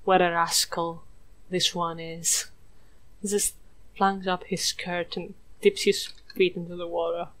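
A woman's voice: on the low side, little pitch movement, measured pace, fairly bright tone. Woman from Greece, gameplay commentator, playful and sweary, swings between whispers and squeals. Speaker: gameplay streamer. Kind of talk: let's play commentary.

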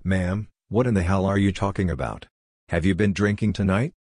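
A man's voice: sits low, moderate pace, darkish tone, breathy edge, dry recording, clean studio sound. A man voicing a towering monster posing as a male police officer, speaking sternly and mockingly.

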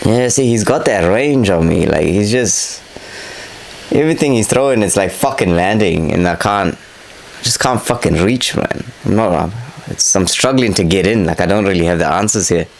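In this rough, poor-quality clip with a little hiss or hum, a young man with a lowish, creaky voice talks at normal speed. He casually narrates over footage of his own boxing fight, breaking it down candidly, criticizing himself, and swearing freely.

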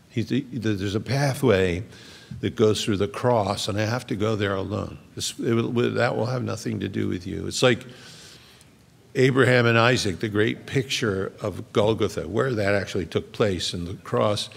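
A man's voice: on the low side, normal speed, vocal fry, long reverb tail. A middle-aged male pastor preaching a sermon in a large church, reading scripture aloud with earnest explanation.

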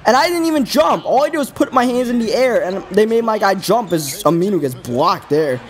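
A man's voice: high-pitched, lively intonation, moderate pace. A man hosting a gaming video, giving casual, rambling play-by-play commentary with an exasperated, self-critical tone.

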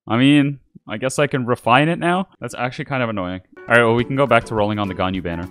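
A man's voice: mid-range voice, quick pace, hardly any pauses, dry recording, studio quality. A man doing casual commentary as a YouTuber, swearing and laughing often. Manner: animated, swears, laughs a lot. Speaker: YouTuber reviewing memes. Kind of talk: casual commentary while gaming.

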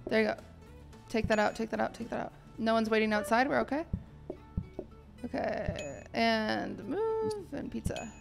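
A young woman streamer chatting casually while gaming, firing off quick, bossy call-outs. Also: on the high side, very animated, gravelly, over music. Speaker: streamer host.

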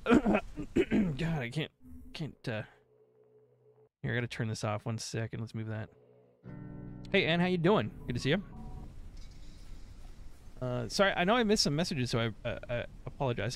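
A man's voice: mid-range voice, very animated, moderate pace, long pauses. A man streaming gameplay, talking loosely and profanely with jokes. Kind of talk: casual live gameplay commentary.

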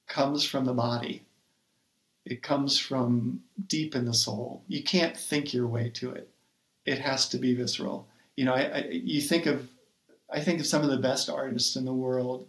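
A man who is a poet and writing coach, guest on a podcast, telling a personal story in an earnest, reflective way with many pauses and fillers. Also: medium pitch. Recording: roomy echo.

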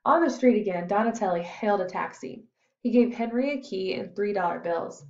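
A woman narrating an audiobook in a calm, steady reading voice. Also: medium pitch, a little fast, muffled recording.

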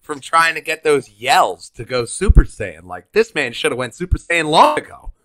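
A man's voice: a little high, big pitch swings, normal speed, a bit bright, no echo. A man hosting a podcast in a jokey, offhand casual chat. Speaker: podcast host.

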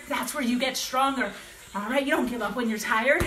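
A woman coaching home kickboxing calls out combos, upbeat and encouraging, laughing frequently and getting out of breath as dogs bark nearby. She speaks high-pitched, expressive, a bit bright and a little fast, in an echoey room with slight background noise.

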